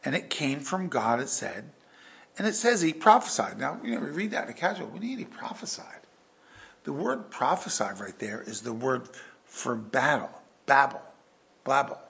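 Gravelly animated preacher man. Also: medium pitch, normal speed. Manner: animated, swings from loud to hushed. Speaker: pastor. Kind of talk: verse-by-verse sermon.

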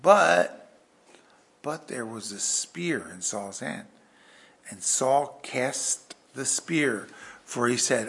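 A man preaching a verse-by-verse sermon with an animated delivery that swings from loud emphasis to hushed asides. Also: mid-range voice, extremely slow, vocal fry. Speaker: pastor.

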